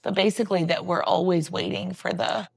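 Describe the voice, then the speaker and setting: A woman hosting a podcast, talking in a relaxed, encouraging and reflective way. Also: lowish voice, a little fast, gravelly, no echo. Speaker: podcast host. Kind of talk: casual faith chat.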